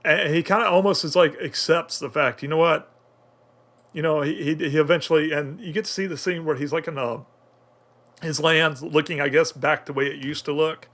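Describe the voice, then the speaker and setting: A man's voice: fairly high pitch, steady tone, normal speed, fairly bright tone. A man talking through an anime episode in casual review commentary, rambling with many fillers and restarts.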